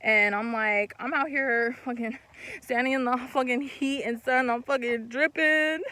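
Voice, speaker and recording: High-voiced young woman telling a story. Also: unhurried. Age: young adult. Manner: animated, swearing, laughs mid-story, acts out quotes. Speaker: vlogger. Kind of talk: casual storytime.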